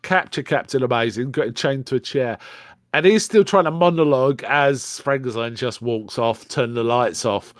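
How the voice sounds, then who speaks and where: A man's voice: medium pitch, normal speed, no room sound, clean studio sound. A man co-hosting a casual podcast chat, recapping a film's plot in a rambling way with lots of ums, uhs and restarts. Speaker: podcast co-host. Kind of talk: casual film discussion.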